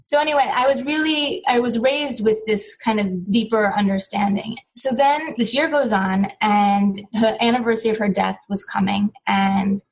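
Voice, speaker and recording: A woman's voice: mid-range voice, normal speed, few pauses, low-quality recording. A middle-aged woman, a guest in an interview, telling a personal story in an earnest, reflective way with frequent restarts.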